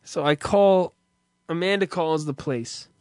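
A man telling an exasperated, profanity-laced comic story in an animated way. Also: on the high side, takes it slowly, dry recording, clean studio sound. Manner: animated, exasperated, swears a lot.

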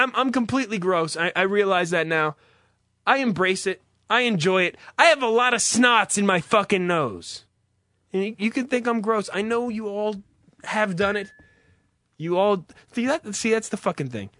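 A man's voice: a little high, fairly bright tone, no echo, clean studio sound. A man hosting a call-in show, swearing a lot and rambling in a self-mocking way. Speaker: radio call-in show host. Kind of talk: crude comedic call-in monologue.

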